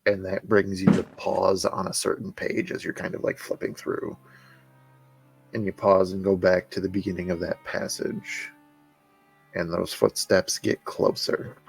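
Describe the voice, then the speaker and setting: A man narrating as game master of a tabletop game, slow and halting as he describes the scene. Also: deep voice, gravelly, breathy edge, low-quality recording.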